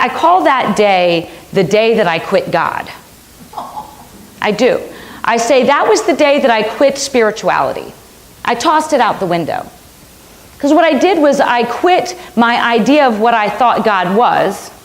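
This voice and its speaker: A middle-aged woman minister giving a sermon, telling a personal story earnestly and repeating phrases for emphasis. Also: on the high side.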